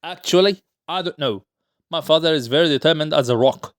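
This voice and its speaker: A man's voice: on the high side, fairly quick, no echo, clean studio sound, close to an everyday voice. A man voicing a boastful young male petty official, an arrogant swindler, as he reads a play aloud. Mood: petulant. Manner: indignant, pleading for money, brash.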